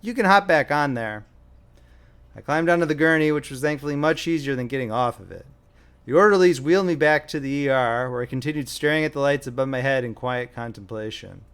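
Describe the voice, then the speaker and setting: A young man reading his own story aloud as an audiobook, with a wry, self-deprecating manner. His voice sits at a middling pitch, and he narrates in a casual, humorous first-person tone. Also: fast, clean tone. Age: young adult. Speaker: author and narrator.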